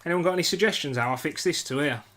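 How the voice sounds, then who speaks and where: Talking very fast in a slightly high, somewhat bright voice, a young British man banters with his live-stream chat from his bench. He's chatty, makes fun of himself, and apologises a lot.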